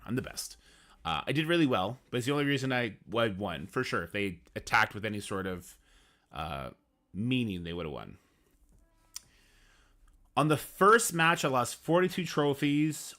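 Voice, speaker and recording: Frustrated and emphatic, a man streaming a mobile game delivers casual ranting commentary with the occasional swear word. He has a mid-range voice with a bright, forceful tone.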